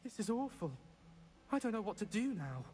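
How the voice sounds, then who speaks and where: A man's voice: high voice, very animated, moderate pace, a little mellow, breathy edge, big-room sound, heavily acted. An actor playing a timid, wounded young male student in a video game, whiny and hurt.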